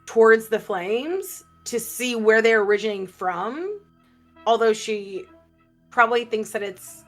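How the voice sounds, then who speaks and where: A woman's voice: a little high, lively intonation, a little slow, soft background music. A woman playing a tabletop role-playing game, talking casually with many fillers. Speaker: player.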